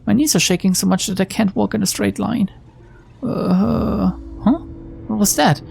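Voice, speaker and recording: A woman's voice: mid-range voice, moderate pace, gravelly, a little mellow, a little hiss or hum, pitched above the performer's own voice. A woman reading aloud as a frightened young woman detective hiding from a monster in a game, stammering and pleading. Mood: anxious. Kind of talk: reading a visual novel's lines aloud.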